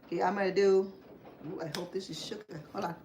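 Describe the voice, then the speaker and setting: Chatty home-cook host, woman, mid-pitched, rambling asides, pots and pans clattering behind her. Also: steady tone, fast, a little mellow, slight background noise. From Cambodia. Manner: chatty, rambling asides with many fillers and restarts. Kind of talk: casual cooking demonstration. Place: home kitchen. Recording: clear kitchen clatter behind the voice. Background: clatter of dishes, pots and pans.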